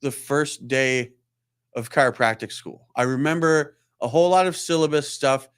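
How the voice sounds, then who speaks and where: A man in his thirties talks through a personal story on his live show. He rambles and laughs at himself, restarts his sentences, and acts out the people he quotes, all at a mid-range pitch. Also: fairly even intonation, moderate pace, smooth. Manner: rambling, self-deprecating, acts out quoted voices. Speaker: chiropractor hosting a weekly live Q&A. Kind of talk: casual storytelling monologue.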